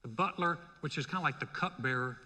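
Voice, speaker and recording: Male pastor, high bright voice, lively conversational sermon, long hall reverb. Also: a little fast. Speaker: senior pastor. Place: church sanctuary.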